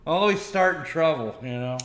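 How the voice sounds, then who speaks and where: A man's voice: fairly high pitch, expressive, moderate pace, fairly bright tone, a little hiss or hum. A man hosting a podcast, telling rambling stories in a playful, teasing way. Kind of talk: casual chat. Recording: roomy echo.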